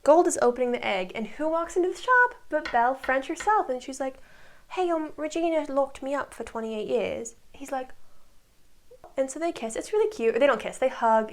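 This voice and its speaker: A woman talks through a show recap in a casual, breezy way, tossing in quick asides as she paraphrases scenes. Her voice sits a bit high, with a gravelly, creaky edge running through it. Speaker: recap vlogger.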